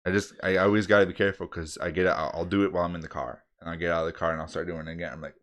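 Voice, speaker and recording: A man's voice: low-pitched, fairly even intonation, rapid-fire, a bit bright. A man co-hosting a podcast, chatting casually and laughing now and then. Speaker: podcast co-host. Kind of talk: casual chat.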